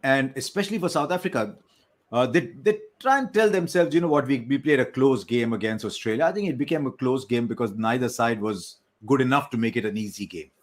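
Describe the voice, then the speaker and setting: A man giving measured, analytical post-match cricket talk over a remote link. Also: medium pitch. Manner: measured, analytical, self-correcting.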